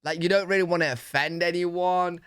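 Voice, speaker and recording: A British man reacting to a video in loose, chatty commentary, with many "like"s and "you know what I mean"s. His voice is smooth and clear and sits a little high for a man. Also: steady tone, a little fast, fairly bright tone. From United Kingdom.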